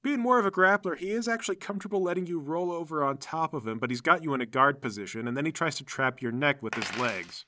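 A man's voice: a little high, lively intonation, quick pace, few pauses, bright, forceful tone, dry recording, studio quality. A man narrating a tabletop game as game master, giving vivid play-by-play.

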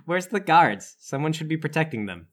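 A man's voice: fairly high pitch, expressive, normal speed. A man playing in a tabletop game, arguing in an exasperated way. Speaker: player. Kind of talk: tabletop role-play.

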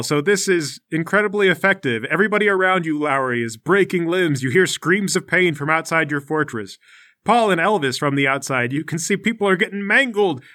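Bright-voiced male game master. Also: high voice. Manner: lively, descriptive storytelling. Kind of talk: narrating a tabletop game.

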